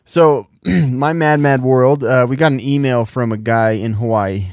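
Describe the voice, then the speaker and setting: A man's voice: medium pitch, a little slow, no room sound. Wry male podcast co-host, dry mic. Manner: wry, joking banter. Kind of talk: casual chat.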